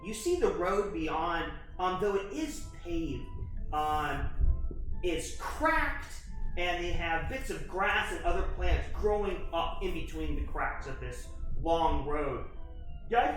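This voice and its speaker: Halting game master in an echoey room. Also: male voice, on the high side, big pitch swings, a bit bright, distant mic, faint music behind. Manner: halting, full of fillers and restarts. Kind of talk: narrating a tabletop horror game.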